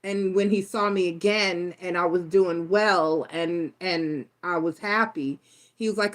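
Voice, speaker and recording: A woman's voice: fairly low pitch, a little slow. Blunt, cussing woman reading tarot. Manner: blunt and profane, rambling storyteller. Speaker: tarot reader. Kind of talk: casual live tarot reading.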